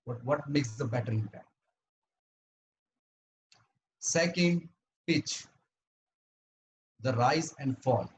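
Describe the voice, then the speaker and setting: A man delivers a prepared talk over a video call, speaking at an ordinary pitch. He is earnest and halting, often stopping to restart a phrase. Faint noise sits under his voice. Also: a little mellow, low-quality recording. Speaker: club speaker. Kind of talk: prepared educational speech at an online meeting.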